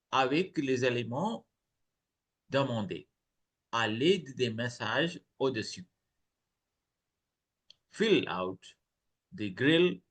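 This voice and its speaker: A man's voice: medium pitch, a bit bright. A man teaching French online, reading short dialogues aloud and translating each phrase into English.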